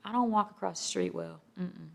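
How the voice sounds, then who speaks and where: Animated woman host just chatting away, kinda gravelly voice. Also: lowish voice, brisk. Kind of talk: casual chat.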